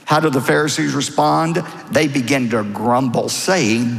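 A middle-aged male pastor preaching a sermon in a church, animated and acting out voices when he quotes. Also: medium pitch, a little slow, creaky, hardly any pauses. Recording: long hall reverb.

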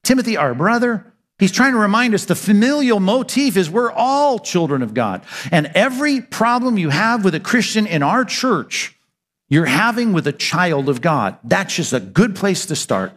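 A man's voice: high voice, very animated, normal speed, a bit bright. Preaching man in a reverberant hall. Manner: conversational preaching, asks and answers his own questions. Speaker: pastor. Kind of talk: sermon.

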